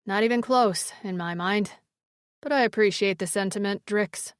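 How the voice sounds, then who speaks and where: A woman playing a gentle, kind alien man. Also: medium pitch, moderate pace, clean tone, no echo, clean studio sound, lightly acted. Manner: gentle, warm.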